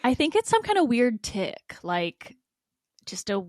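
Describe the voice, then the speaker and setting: A woman's voice: very animated, a little slow, dry recording, studio quality. A young woman co-hosting a podcast in casual chat, blunt and swearing, reading out listener stories. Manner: blunt, swears, mimics people in a high voice. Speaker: podcast co-host.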